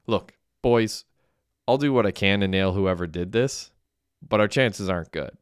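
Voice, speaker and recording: A man's voice: lowish voice, normal speed, clean tone, dry recording, clean studio sound, lightly acted. A man voicing a middle-aged police officer who is sympathetic but frank.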